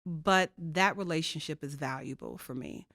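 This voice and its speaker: Earnest low-voiced woman, dry close sound. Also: normal speed, fairly bright tone, no room sound. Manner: earnest, emphatic, uses rhetorical questions. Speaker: diversity co-chair and faculty guest. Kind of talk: reflective conversational storytelling.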